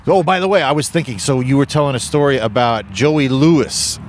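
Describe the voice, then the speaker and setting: A man's voice: mid-range voice, fairly quick. Teasing co-host man in a car. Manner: teasing, dry provocations. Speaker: podcast co-host. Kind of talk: casual chat.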